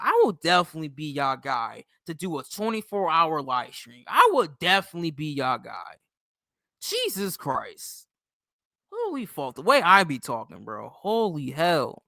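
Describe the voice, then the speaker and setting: A young man from New York State rambles through a casual livestream, swearing freely. His voice sits a little high, bright and crisp, with a dry, close sound. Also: dry recording. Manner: rambling, profane, loose and chatty. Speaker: livestream host.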